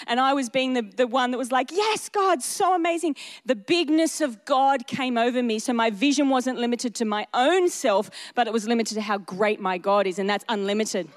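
A woman's voice: on the high side, fairly even intonation, moderate pace, hardly any pauses. A woman preaching a sermon in an earnest, emphatic, conversational way, often repeating her phrases for weight.

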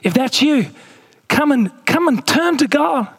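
A male pastor, preaching a sermon with animated asides while reading scripture. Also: very high voice, unhurried, gravelly.

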